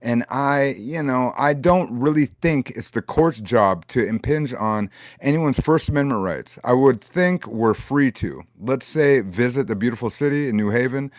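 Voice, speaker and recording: A hesitant man on the stand in court, stumbling over fillers as he explains himself, read aloud by a man from a transcript. His voice sits mid-pitch and sounds dry and close. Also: moderate pace, no room sound, lightly acted. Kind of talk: comedic court transcript reading.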